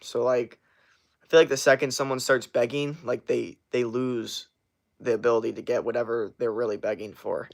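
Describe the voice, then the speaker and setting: A man's voice: medium pitch, fairly even intonation, moderate pace, gravelly. A man hosting a casual livestream, answering chat with blunt, motivational advice and plenty of swearing.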